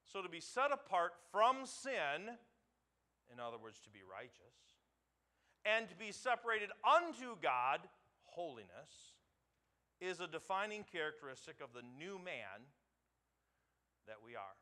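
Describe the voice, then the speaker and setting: A male pastor giving a sermon, moving from calm teaching to loud emphatic preaching, repeating words and putting questions to the congregation. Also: sits high, measured pace.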